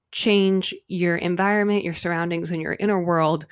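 A woman co-hosting a casual spiritual podcast, animated and swearing now and then, a little out of breath. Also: on the low side, moderate pace, hardly any pauses, no echo, clean studio sound. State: slightly out of breath. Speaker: podcast co-host.

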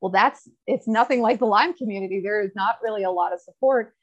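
A woman guest in a casual interview, telling her health story candidly with quick asides. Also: mid-range voice. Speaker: podcast guest. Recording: slightly dull lo-fi audio.

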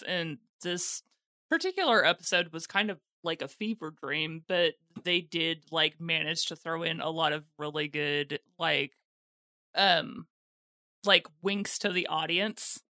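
Casting: an articulate, enthusiastic female co-host with a bright, dry voice. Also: low voice, dry recording. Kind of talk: casual chat about an anime.

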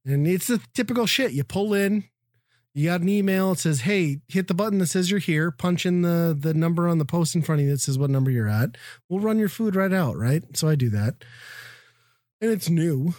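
A man's voice: fairly high pitch, animated, a little fast, a little mellow, dry recording, clean studio sound. A middle-aged man from the Midwest telling a profane, exasperated story in casual chat. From American Midwest.

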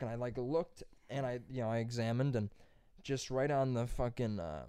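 A young man tells a long, rambling story in casual podcast chat, swearing often and animatedly acting out what people said. His mid-range voice is clean and a little fast, with hardly any pauses and no room sound.

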